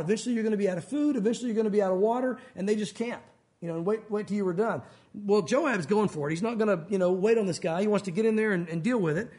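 A man preaching an expository sermon in an animated, conversational storytelling manner. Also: high-pitched.

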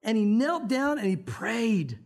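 A man's voice: high-pitched, sing-song, unhurried. A male pastor preaching a conversational sermon, talking straight to the congregation and acting out prayers in dramatic voices.

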